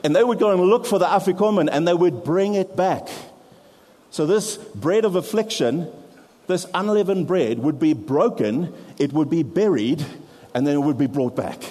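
A man preaching to a congregation, his voice mellow and dark in tone. He explains patiently and steps aside now and then to poke fun at himself. Long reverb hangs around his words in the hall. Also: fairly high pitch, expressive, moderate pace. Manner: explains with props, self-deprecating asides. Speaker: pastor. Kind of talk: sermon.

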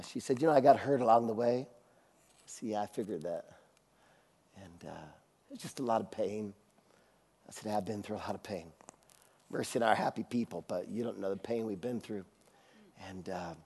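A man preaching a sermon, telling a personal anecdote with acted-out voices, laughing often and dropping to a quiet, intimate tone for serious moments. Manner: drops to a quiet, low, intimate tone for serious parts. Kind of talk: sermon storytelling.

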